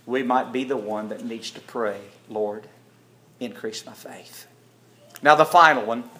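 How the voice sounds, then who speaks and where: A man delivering a sermon. He tells the story vividly and acts out the characters' lines. His voice sits a little high for a man. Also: a bit bright, slight background noise. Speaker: preacher.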